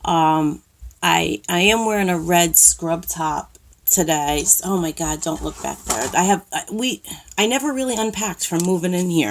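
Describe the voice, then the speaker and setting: A woman's voice: fairly low pitch, creaky, a little hiss or hum. A woman with a New York accent filming a casual makeup tutorial at home, rambling with lots of ums and restarts, a little nervous on camera. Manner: self-conscious, says she is nervous on camera. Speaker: makeup vlogger. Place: cluttered bedroom at home.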